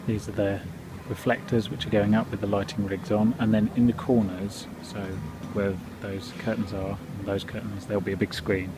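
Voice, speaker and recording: A man's voice: lowish voice, level tone, moderate pace, hardly any pauses, noisy background. Chatty young man vlogging on the move. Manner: chatty, self-mocking, walking while filming. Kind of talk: casual vlog commentary. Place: indoors and city streets.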